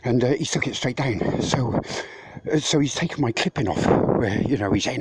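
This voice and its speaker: A man's voice: medium pitch, lively intonation, brisk, low-quality recording. A man vlogging at a building site, out of breath, rambling and swearing as he rants about a rival. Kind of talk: casual walk-and-talk vlog. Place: outdoors at a building site in hot weather. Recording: clear background noise with clicks.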